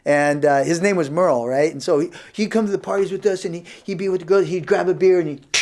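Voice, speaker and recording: A man in his fifties hosting a comedy show, telling rambling stand-up stories about high school. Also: fast, darkish tone. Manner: rambling, self-interrupting. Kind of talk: stand-up storytelling.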